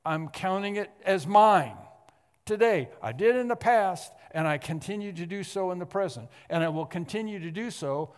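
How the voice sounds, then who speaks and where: A man preaching an expository sermon, emphatic and repetitive, often clearing his throat. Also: high-pitched, expressive, normal speed. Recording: long hall reverb.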